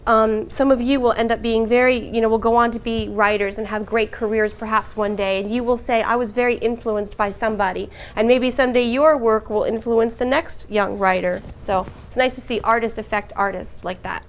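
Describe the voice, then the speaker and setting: A woman teaching a class, speaking slowly and precisely in her teacher voice. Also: on the high side, fairly even intonation.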